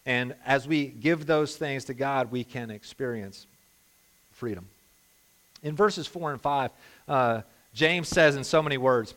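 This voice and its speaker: A man preaching a sermon as a pastor, impassioned, moving between hushed and emphatic delivery. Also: medium pitch, a little slow.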